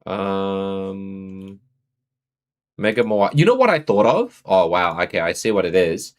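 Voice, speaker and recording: A man's voice: deep voice, animated, unhurried. A man with an Australian accent chatting casually on a live stream, greeting and answering his viewers.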